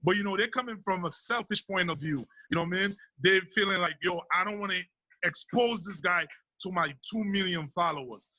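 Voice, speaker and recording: A man from Sierra Leone talks through an interview about his rap career, easygoing and conversational. His voice sits high and very bright. The sound is close and dry. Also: brisk, no room sound, poor audio. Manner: laid-back, peppers speech with "you know what I mean". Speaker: rapper being interviewed. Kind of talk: casual interview talk.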